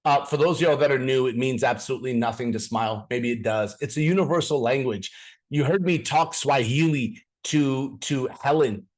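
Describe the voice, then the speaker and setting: A man's voice: mid-range voice, normal speed. A man giving a live business training over a video call, speaking directly to his audience and telling stories, often repeating words as he restarts sentences. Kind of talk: live online training presentation.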